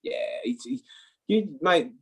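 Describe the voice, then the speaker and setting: A man's voice: high voice, sing-song, takes it slowly, creaky, fairly bright tone, husky. A young man with an English accent, chatting casually as an interview guest, swearing and calling the host "mate". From England. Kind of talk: casual chat.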